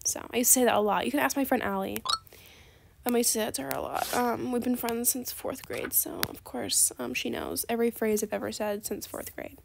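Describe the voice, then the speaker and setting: Woman chatting over a trading game, kinda high voice, super dramatic and sarcastic, gasps then quiet asides. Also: brisk, gravelly, background noise. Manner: chatty, calls viewers "besties". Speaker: gaming video creator. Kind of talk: casual gameplay commentary.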